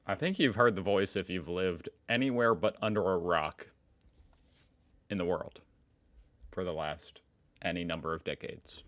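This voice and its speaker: A man's voice: low voice, normal speed, long pauses, a bit bright. An American man hosting a reaction video, chatting casually with jokey, self-mocking asides. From United States.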